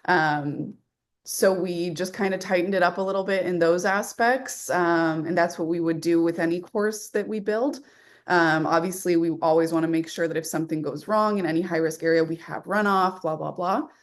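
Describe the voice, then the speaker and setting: Relaxed woman rally driver explaining. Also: fairly low pitch, moderate pace. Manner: easygoing, explanatory, laughs often. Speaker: guest, rally driver and school strategist. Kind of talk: casual interview chat.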